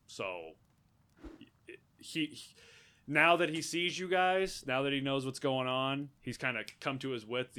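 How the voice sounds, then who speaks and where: A man narrates a tabletop game as its game master. His voice is bright and forward at an ordinary pitch. He talks casually, restarting sentences as he thinks aloud. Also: clean tone.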